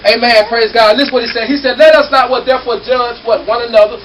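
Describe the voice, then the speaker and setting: A man's voice: very high-pitched, fairly even intonation, fast, crowd noise. A man preaching a fiery call-and-response sermon in a church, repeating "come on, somebody" to rouse the congregation. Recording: distant mic with loud congregation.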